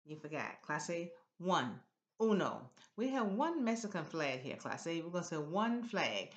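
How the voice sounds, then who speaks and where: Woman Spanish teacher, fairly low voice, slow repeat-after-me drills. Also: very animated, highs cut off. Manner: slow, sing-song drills with exaggerated Spanish words. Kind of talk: classroom language lesson.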